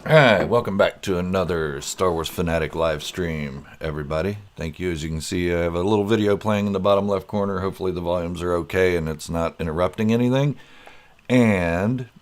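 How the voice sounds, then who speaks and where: Deep-voiced American man hosting a stream. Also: brisk. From United States. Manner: chatty, greets viewers by name. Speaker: live stream host. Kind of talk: casual live stream chat.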